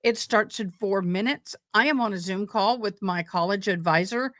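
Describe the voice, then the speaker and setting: A woman's voice: mid-range voice, moderate pace, fairly bright tone, no room sound, clean studio sound. A woman hosting a livestream, talking casually and informally to her viewers. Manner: chatty, informal. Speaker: livestream host.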